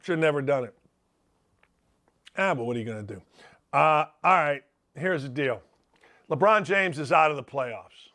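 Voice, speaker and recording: A man hosting a sports talk show, giving a blunt, animated monologue and talking straight to the audience. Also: fairly high pitch, moderate pace, pauses often.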